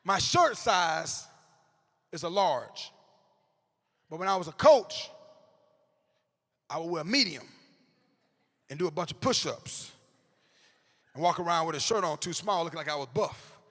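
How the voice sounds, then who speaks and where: A man, telling comedic stories to educators in an animated way, with bursts of shouting and acted-out quotes. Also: fairly high pitch, a little slow, pauses often, big-room sound. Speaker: motivational comedic speaker. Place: large hall before a live audience.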